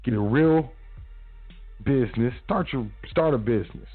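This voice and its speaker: Radio host guy giving a slangy big brother pep talk, mid pitch, tinny like a phone line. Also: normal speed, dry recording, faint music behind. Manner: big-brother tone, slangy and repetitive, acts out quotes. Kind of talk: casual motivational talk.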